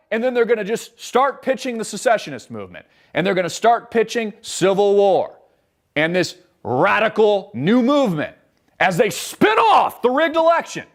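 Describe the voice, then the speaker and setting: A man's voice: high-pitched, very animated, moderate pace. Fired-up man ranting live, wide-swinging voice. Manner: fired-up, blunt, swears freely. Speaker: show host. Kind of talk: live political commentary.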